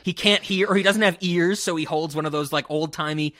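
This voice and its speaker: Casting: excitable male podcast co-host, bright tone, dry close sound, quotes scenes with gusto. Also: a little high, brisk, no room sound. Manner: enthusiastic, quotes lines in put-on voices. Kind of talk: casual film discussion.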